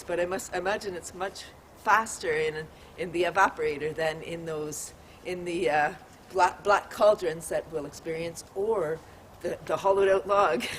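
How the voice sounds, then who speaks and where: Speaking at medium pitch with a slightly bright tone, a woman hosts an outdoor maple forest tour vlog. She's bubbly, full of exclamations and laughter, and leads breathing exercises; a distant mic picks up a faint outdoor hum.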